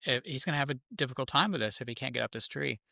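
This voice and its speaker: A man, a father and podcast guest, telling a family story in an animated way and acting out the voices in it. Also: mid-range voice, very fast, vocal fry, no room sound, clean studio sound. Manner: lively, acts out voices in his stories.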